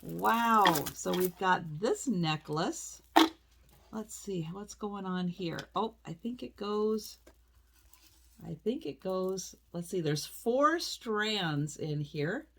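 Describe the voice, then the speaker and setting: A woman's voice: mid-range voice, animated, fairly bright tone, a little hiss or hum. A woman chatting casually while she unboxes a parcel on her vlog, exclaiming and gasping over each item. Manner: slow, exclaiming, lots of oohs and gasps. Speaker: reseller vlogger.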